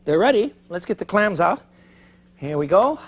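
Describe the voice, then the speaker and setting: A middle-aged man hosting a TV cooking show, chatty and animated, thinking aloud as he cooks in a studio kitchen. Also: sits high, normal speed. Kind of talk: TV cooking demonstration. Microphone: broadcast mic.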